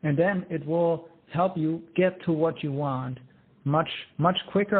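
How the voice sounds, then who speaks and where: A man's voice: unhurried, breathy edge. Upbeat German man on a phone line. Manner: upbeat, enthusiastic pitch. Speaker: guest, inventor. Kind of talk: interview.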